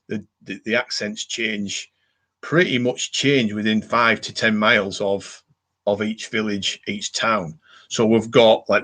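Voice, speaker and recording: A man's voice: on the low side, fairly bright tone. A man hosting a casual live stream, reading viewer comments aloud and rambling with many fillers and restarts.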